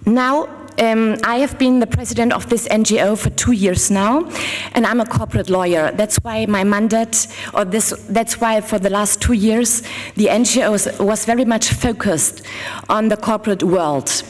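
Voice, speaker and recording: A woman's voice: mid-range voice, normal speed, long reverb tail. A woman with a German accent giving a talk at a conference as a lawyer. She speaks casually to the audience, laughs easily and sometimes searches for words. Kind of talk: public talk at a forum.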